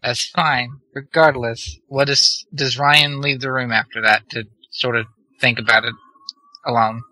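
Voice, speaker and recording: A man acting as game master in a casual tabletop role-play session, calmly asking the players questions. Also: medium pitch, measured pace, no room sound, poor audio.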